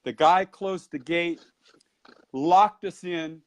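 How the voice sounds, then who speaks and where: A man who teaches Qigong and Tai Chi, telling a long personal story in an interview. He talks like an animated storyteller and keeps his pace moving. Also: a little high, slow.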